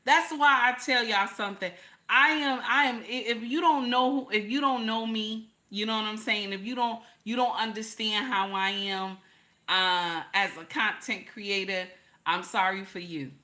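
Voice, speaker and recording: Bright-voiced older woman live-streaming advice. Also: medium pitch, measured pace. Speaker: content creator hosting a live stream. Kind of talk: casual live-stream talk giving relationship advice.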